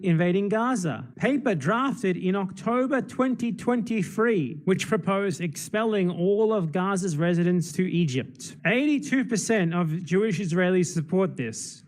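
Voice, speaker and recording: A man streaming political commentary and reacting to videos in a sarcastic, mocking manner. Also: sits high.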